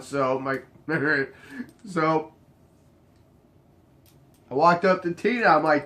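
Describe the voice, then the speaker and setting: A man's voice: slow pace, long pauses. A young man casually telling a bartending story, acting out each exchange with sudden jumps up in his voice. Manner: animated, acts out the dialogue, jumps high in pitch when quoting others.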